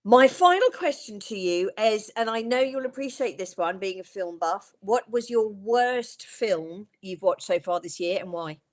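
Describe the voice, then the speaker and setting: A woman's voice: medium pitch, lively intonation, a little slow, few pauses. A woman interviewing a guest in a casual, teasing chat. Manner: playful, teasing questions. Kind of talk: casual chat on a live stream.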